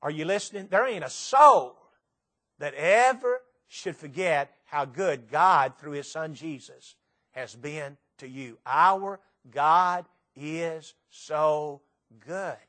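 A man with a Tennessee accent preaching a sermon to a church congregation, animated and full of rhetorical questions. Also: a little high, measured pace.

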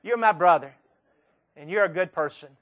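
Preacher guy, middle-aged, pretty high voice, tells his story with lots of emphasis and repeats. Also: fairly bright tone. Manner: emphatic storytelling with dramatic pauses and repeated phrases. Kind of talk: sermon.

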